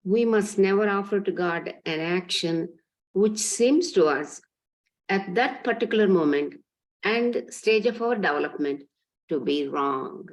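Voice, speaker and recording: A woman reads a religious text aloud to a study class. Her reading is slow, careful and even. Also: fairly low pitch, poor audio. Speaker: reader in a class.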